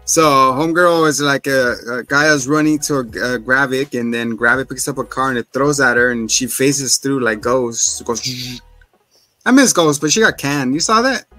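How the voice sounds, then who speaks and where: A man's voice: medium pitch, normal speed, few pauses, bright, forceful tone, soft background music. A man co-hosting a podcast, recapping an episode in casual chat, joking and acting out scenes in silly voices. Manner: jokey, acts out scenes in voices, swears. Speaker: podcast co-host.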